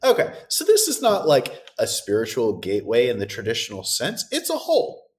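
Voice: mid-range voice, huge pitch swings, fairly quick. A podcast co-host recapping a horror movie in casual, sarcastic chat and swearing freely.

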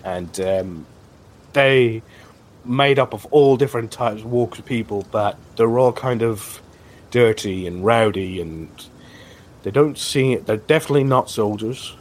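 A man with a medium-pitched voice narrates a tabletop game as game master. His delivery is halting, with many fillers and restarts.

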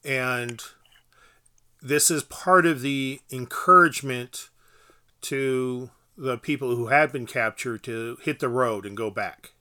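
A man's voice: mid-range voice, slow pace, sharp tone. A man explaining scripture in a casual bible study, knowledgeable and explanatory. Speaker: bible teacher.

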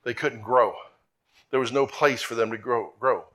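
A man's voice: medium pitch, moderate pace, a bit bright. A male pastor preaching a sermon with earnest, repetitive emphasis that climbs to emphatic peaks. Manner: earnest, repeats himself, rising to emphatic peaks.

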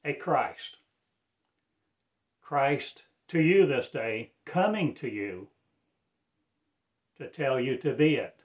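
A man's voice: medium pitch, animated, very slow, long pauses. A man from Arkansas giving a rambling religious address as a self-styled preacher, pleading in loose, strung-together phrases. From Arkansas, USA.

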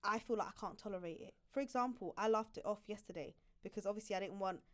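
A woman's voice: mid-range voice, fast talker. A young woman in her twenties, a podcast guest chatting casually, telling stories with frequent laughs and acting out other people's lines. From United Kingdom.

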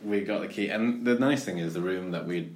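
A man's voice: low voice, brisk, reverberant, over a noisy crowd. A man casually chatting and telling a rambling anecdote, full of restarts and fillers.

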